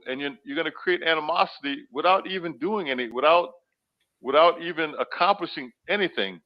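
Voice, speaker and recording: A man speaks as a guest in a relaxed sports chat, weighing his words and giving steady advice. His audio comes through muffled and lo-fi, as though his line is a bit dull. He sounds calm and deliberate. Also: on the high side. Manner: measured, deliberate advice-giver. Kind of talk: casual basketball chat.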